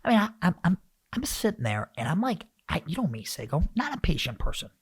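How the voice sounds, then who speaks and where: A man hosting a podcast, rambling and animated as he rants, with lots of restarts. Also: high voice, fairly quick, husky, no room sound, studio quality. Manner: animated, rambling, self-interrupting. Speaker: podcast host. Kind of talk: casual podcast rant.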